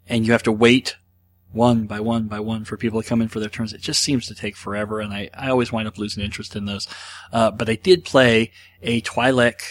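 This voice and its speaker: A man hosting a podcast, rambling through a casual monologue with lots of fillers and asides. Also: lowish voice. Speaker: podcast host.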